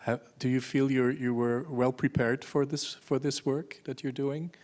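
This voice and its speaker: A man chairing a panel, halting and hesitant as he moderates. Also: medium pitch, steady tone, a little mellow.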